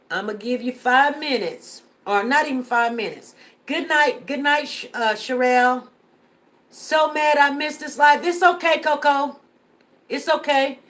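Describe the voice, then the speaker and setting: A woman with a high-pitched voice hosts a casual live stream. She talks earnestly to her viewers and often repeats lines to drive a point home. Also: a bit bright. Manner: earnest, repeats herself for emphasis.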